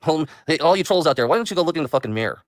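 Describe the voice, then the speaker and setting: A man's voice: fairly high pitch, expressive, rapid-fire, no room sound, clean studio sound. A man hosting his own livestream, talking casually in a meandering way and taunting viewers. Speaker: livestream host.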